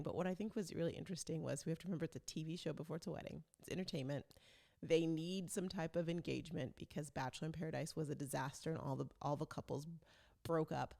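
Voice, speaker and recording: A woman with a low voice chats loosely as host of her own vlog. Her tone carries a gravelly, fry-edged texture. She rambles from one thought to the next like a self-declared talker. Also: quick pace, darkish tone. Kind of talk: casual chat.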